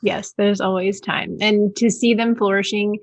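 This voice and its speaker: A woman's voice: mid-range voice, little pitch movement, moderate pace. Supportive woman podcast host. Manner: supportive, encouraging interviewer. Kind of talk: casual interview chat.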